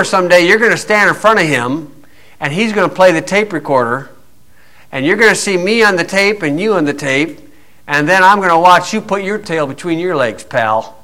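Scornful preaching man, high and bright. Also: expressive, moderate pace, low-quality recording. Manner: combative, scornful, folksy with many fillers. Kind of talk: blunt preaching monologue.

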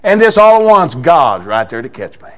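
A man preaching a sermon, telling a story in a folksy way that swings between quiet talk and shouted exhortation. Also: on the high side, big pitch swings, normal speed.

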